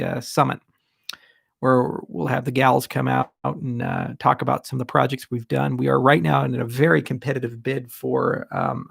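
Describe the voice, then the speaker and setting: Founder answering live questions; gravelly, blunt, candid, dry close sound. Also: male voice, mid-range voice, dry recording. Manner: candid, blunt, rambling asides. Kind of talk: livestream Q&A.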